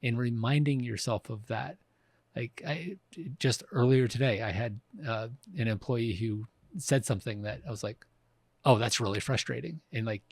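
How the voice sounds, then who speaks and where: Gravelly guy in his 50s, thinking out loud on a podcast, dry close sound. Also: medium pitch, moderate pace, no echo. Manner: reflective, frequent restarts and fillers. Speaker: podcast co-host. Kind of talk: casual conversation.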